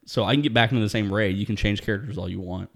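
Laid-back, low-voiced man telling a story. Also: racing, vocal fry, fairly bright tone. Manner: laid-back, profane, laughs often while telling a story. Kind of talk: casual storytelling chat.

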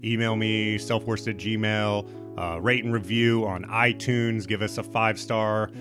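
A man's voice: on the low side, fairly even intonation, measured pace, music in the background. A man hosting a podcast, talking casually in a rambling, profane, self-mocking way. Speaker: podcast host.

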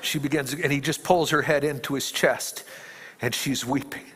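A male preacher retelling a film scene in a sermon, shifting between hushed tones and emphatic peaks. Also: mid-range voice, fairly even intonation, moderate pace, breathy edge, big-room sound. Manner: dramatic storytelling, dropping to hushed tones and rising to emphatic peaks.

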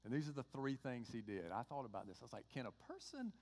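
A man's voice: mid-range voice, fast. A man with a Georgia accent preaching a sermon in a conversational way, acting out bits of dialogue. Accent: Southern US, Georgia. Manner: conversational preaching, acts out dialogue with lively voices. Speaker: pastor. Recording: long hall reverb.

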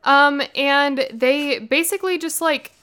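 A woman's voice: high voice, steady tone, unhurried, sharp tone. A young woman co-hosting a casual chat, recapping a book with sarcastic, giggly storytelling. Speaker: podcast co-host.

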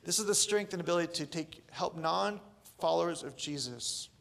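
A man, preaching a sermon in a casual, joking, animated way. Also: fairly high pitch, normal speed, vocal fry. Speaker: pastor.

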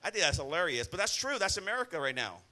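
Bright, blunt high-voiced pastor. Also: male voice, very animated, fast. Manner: blunt, scolding, calls out "Amen?". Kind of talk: sermon.

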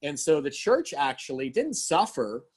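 A man in his forties, a pastor and podcast guest, telling personal stories in an earnest, animated, candid way. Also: a little high, normal speed, slightly rough. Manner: earnest, animated, acts out quoted dialogue. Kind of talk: candid conversational storytelling.

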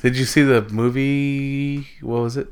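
Laid-back laughing podcast co-host. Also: male voice, medium pitch, flat delivery, measured pace, clear, resonant tone. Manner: laid-back, laughs often, short quips. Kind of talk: casual late-night chat.

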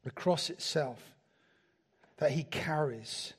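Pastor preaching, kinda high voice, chatty, keeps asking the room questions. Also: male voice, takes it slowly, slightly rough. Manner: conversational preaching with rhetorical questions. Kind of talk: sermon.

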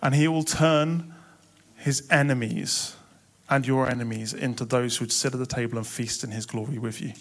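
A man's voice: medium pitch, fairly even intonation, normal speed, a bit bright. A young man preaching a sermon in a church, impassioned and building to emphatic swells.

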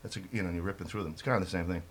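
A man's voice: low voice, very fast, breathy edge. A man guesting on a podcast, wry and opinionated in casual chat.

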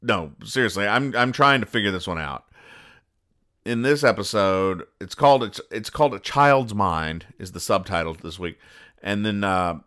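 A man hosting a comedy podcast, explaining comic strips in a dry, deadpan, sarcastic way with frequent restarts. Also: on the low side, moderate pace. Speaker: podcast host reading comics.

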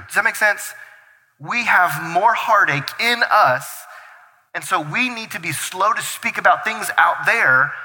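A man preaching a sermon as pastor, energetic and full of rhetorical questions to the congregation. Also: high-pitched. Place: church hall. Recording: reverberant church hall.

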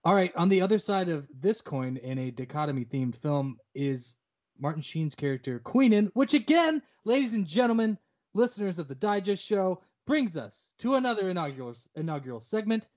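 A man's voice: high-pitched, big pitch swings, moderate pace, darkish tone. A man co-hosting a podcast about a film, talking casually with a wry, profane tone and mock-formal announcements. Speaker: podcast co-host.

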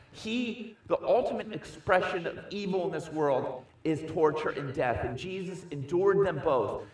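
Male preacher, sermon, emphatic, higher voice, very echoey hall, mic far off. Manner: emphatic, swings from quiet to loud. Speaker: pastor. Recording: echoey room, distant mic.

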